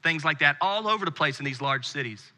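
A man in his thirties from the United States preaching a sermon with earnest intensity, dropping to a hush on key phrases. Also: on the high side, expressive, brisk. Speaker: pastor. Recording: long hall reverb.

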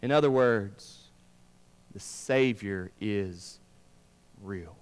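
Brief: male pastor, slightly high voice, dynamic sermon delivery, long church reverb. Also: lively intonation, unhurried. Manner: dynamic preaching, swinging from emphatic to hushed. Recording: long reverb of a large room.

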